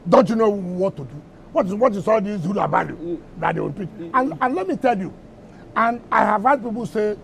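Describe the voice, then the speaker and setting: At a press briefing, a middle-aged Nigerian man serving as a government minister takes reporters' questions in a high voice with lively intonation, brisk delivery and vocal fry. He pushes back combatively, repeatedly firing rhetorical questions.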